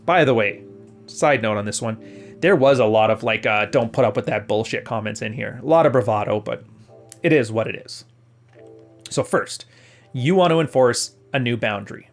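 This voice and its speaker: A man's voice: mid-range voice, moderate pace, soft background music. A man hosting a podcast, giving blunt, profane relationship advice and mocking the voices he quotes. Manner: blunt and profane, mock-quoting others. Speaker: podcast host. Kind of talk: casual advice commentary.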